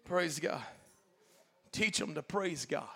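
A man preaching a Pentecostal sermon as pastor, talking in a folksy, colloquial way and swinging from quiet asides to loud shouted preaching. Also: sits high, unhurried. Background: faint congregation.

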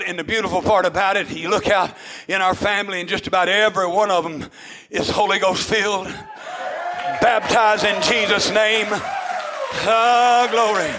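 An older man, a preacher, giving a fervent sermon testimony, peppered with amens and rising to shouts. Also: sits high.

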